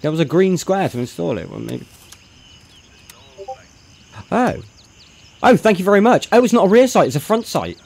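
A man's voice: sits high, big pitch swings, moderate pace, gravelly, pauses often. Chatty man streaming a game. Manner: chatty, thinks aloud, greets chat loudly. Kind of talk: live gameplay commentary.

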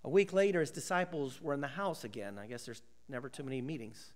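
A male pastor preaching a sermon, acting out voices of biblical characters and dropping to a hushed whisper for emphasis. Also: medium pitch, fast, big-room sound.

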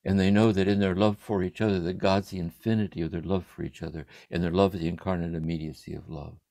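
An older man speaking from a room at home over a livestream, giving a contemplative spiritual reflection in a meditative way, letting his phrases trail off softly. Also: sits low, steady tone, quick pace, dry recording. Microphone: livestream computer mic.

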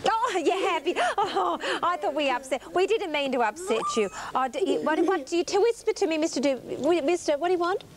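High, gushing Australian woman presenter. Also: lively intonation, a little fast, few pauses, background noise. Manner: gushing, exclamatory, coaxing. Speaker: children's TV presenter. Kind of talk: sing-song talk to young children. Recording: 1980s TV studio, music behind.

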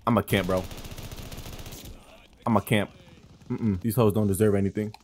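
A man's voice: lowish voice, steady tone, normal speed, a little mellow, a little hiss or hum. A man giving live gameplay commentary, exasperated and swearing as he trash-talks opponents and teammates and asks his viewers questions. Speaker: gaming streamer.

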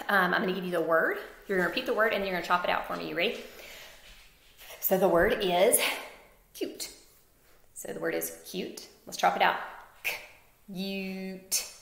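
A woman teaching a phonics lesson to young children, slowly sounding out word parts and praising answers. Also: lowish voice, gravelly, fairly bright tone, roomy sound.

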